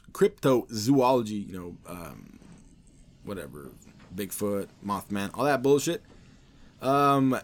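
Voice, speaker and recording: A man hosting a podcast, talking in a casual, rambling, offhand way with heavy swearing. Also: mid-range voice. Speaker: podcast host.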